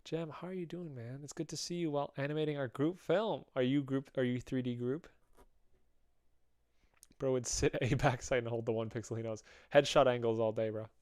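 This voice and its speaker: A young man casually chatting with viewers while drawing on a live stream, relaxed and joking, his heavy breathing audible on a close mic. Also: mid-range voice, a little fast.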